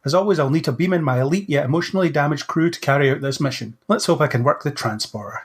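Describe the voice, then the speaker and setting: A man's voice: fairly high pitch, fast talker. A man hosting a casual podcast in a slightly raised voice. He keeps the mood playful with jokey sci-fi banter and runs the show with an easy, chatty manner. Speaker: podcast host. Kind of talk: casual podcast chat with scripted intro.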